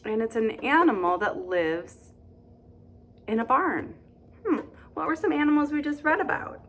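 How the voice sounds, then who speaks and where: A woman hosting storytime who reads a picture book aloud in a slow, sing-song way and keeps asking the little listeners questions. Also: on the high side, lively intonation, fairly bright tone. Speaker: storytime host for young children.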